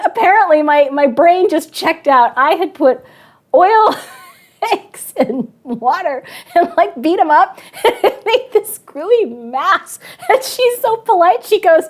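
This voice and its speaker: Woman, teacher, high voice, chatty, animated, laughs a lot. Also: slow pace. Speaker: math and science teacher. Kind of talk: storytelling to students in an online class.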